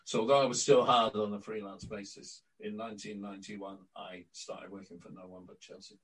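An older man, a guest on an interview podcast, telling lively stories from his career and acting out quotes. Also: on the low side, a little fast, distant mic, rough recording. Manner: lively raconteur, acts out quotes. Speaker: interview guest, former club announcer. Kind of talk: anecdotal storytelling.

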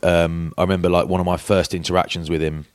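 Deep-voiced and flat in delivery, this middle-aged man from England talks quickly as a podcast co-host, trading candid stories and British slang such as "mate" and "bloke." It's a clean, dry studio recording, and he speaks warmly of old teammates in a chatty, storytelling way.

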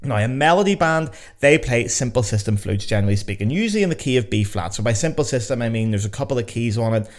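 A man's voice: medium pitch, lively intonation, fast, hardly any pauses. A young man with a Belfast accent hosting a casual explainer podcast, chatty and full of sardonic asides. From Northern Ireland. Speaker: podcast host.

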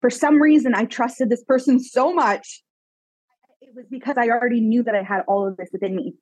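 A woman from Canada, a guest telling her life story in a podcast interview, animated and emphatic, with many casual "like" fillers. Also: on the high side, brisk, no echo, rough recording. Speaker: guest, psychic medium mentor.

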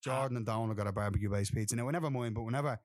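A man with a Dublin accent, hosting a podcast and telling stories in casual chat, breaking into loud shouted impressions. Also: mid-range voice, rapid-fire, dry recording, studio quality. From Ireland. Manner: animated storyteller, bursts into loud shouting impressions. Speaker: podcast host.

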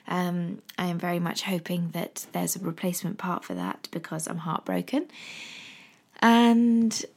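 An English woman in her thirties talks to camera in a casual, rambling vlog, filling pauses with ums. Her voice sits a little low and carries a gravelly fry. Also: darkish tone. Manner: rambling and chatty with frequent ums. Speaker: vlogger. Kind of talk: casual chat.

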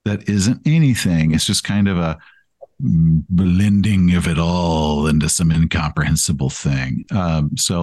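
A man's voice: low voice, dry recording. A man chatting as a podcast guest, rambling and self-deprecating, with frequent restarts. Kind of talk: casual interview chat.

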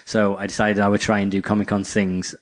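A podcast co-host chats casually at a fairly quick pace in a fairly low voice. He tells rambling, animated stories and acts out the quotes.

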